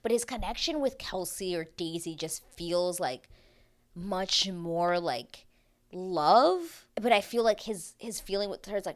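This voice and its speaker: A woman's voice: fairly low pitch, a bit bright. A young woman in a chatty, dramatic, casual recap of a TV show. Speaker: TV recap vlogger.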